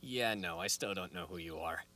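A woman's voice: a bass voice, normal speed, echoey room, heavy background noise. A woman voicing an exasperated teenage boy, the hero of an English anime dub. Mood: baffled. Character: baffled teen boy anime protagonist. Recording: distant clip under loud music.

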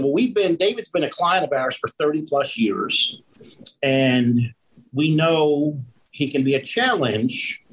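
Husky-voiced storytelling man. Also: mid-range voice, rough recording. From Pennsylvania. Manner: animated storyteller who acts out the people in his story. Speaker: roofing contractor telling a story. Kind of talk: casual storytelling conversation.

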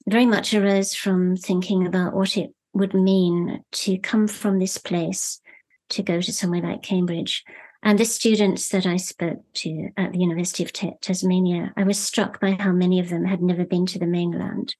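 A middle-aged woman novelist being interviewed, speaking in a thoughtful, measured way and pausing to search for words. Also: lowish voice, darkish tone. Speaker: novelist guest. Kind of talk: reflective interview talk.

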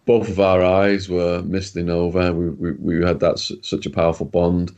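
A man's voice: low voice, level tone, moderate pace, darkish tone, highs cut off. A man, a guest, telling casual prison stories in a blunt, swearing way. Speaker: guest, former prisoner and author. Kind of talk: casual storytelling.

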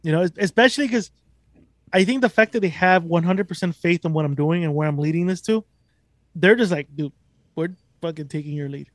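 A man's voice: high-pitched, fairly quick, no room sound, studio quality. A young man hosting a podcast, talking casually in a profane, rambling, emphatic way. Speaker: podcast host.

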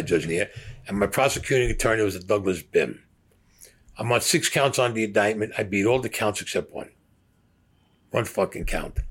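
A man's voice: lowish voice, a bit bright, breathy edge. A man in his sixties telling his own story in a heated, profane way, acting out what others said. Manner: profane, heated, acts out quotes. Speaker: interviewee recounting his past. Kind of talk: casual storytelling.

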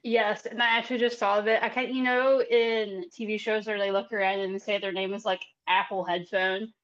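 A woman's voice: mid-range voice, level tone, brisk, fairly bright tone, dull audio. A woman guest on a podcast, telling rambling, self-deprecating stories in casual chat.

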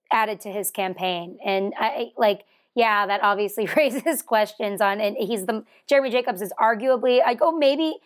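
A woman co-hosting a hockey talk show, giving opinions while hedging and laughing at herself. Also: fairly high pitch. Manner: hedging, giggly. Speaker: co-host analyst. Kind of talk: casual sports chat.

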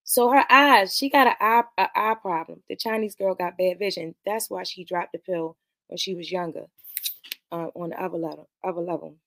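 A lower-voiced woman rambles through a movie plot, swearing freely and talking straight to her viewers. Her voice is close and dry, with no room sound. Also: moderate pace, a bit bright, no room sound. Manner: nervous about streaming live. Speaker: podcast host reviewing a movie. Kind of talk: casual movie recap.

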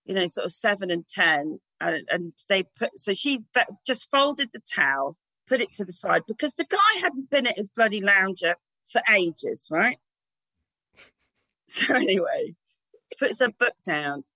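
A woman's voice: mid-range voice, sing-song, a little slow, pushed and bright, no echo, low-quality recording. A woman, a guest telling candid, sweary stories in casual chat and laughing often.

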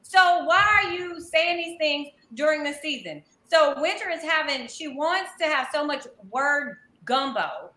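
A high, bright-voiced woman asks pointed, rapid-fire questions in a casual panel discussion. Her voice carries a roomy echo. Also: animated. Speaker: review panelist.

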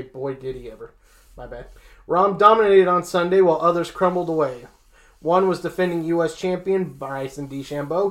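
A sports show host reading rankings in a casual talk style, with joking asides between the lists. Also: mid-range voice.

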